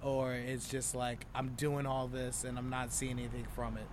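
A young man and stand-up comedian in a casual, reflective chat with a friend. He talks openly and grows lively when acting out stories. Faint street and traffic noise sits behind him outdoors. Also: medium pitch, moderate pace.

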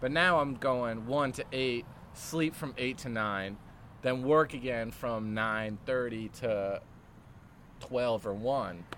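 A man's voice: mid-range voice, slow pace, fairly bright tone, a little hiss or hum. A young man and comedian venting casually, blunt and profane, sounding overtired. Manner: blunt, swears often, tired venting. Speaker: stand-up comedian. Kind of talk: casual chat.

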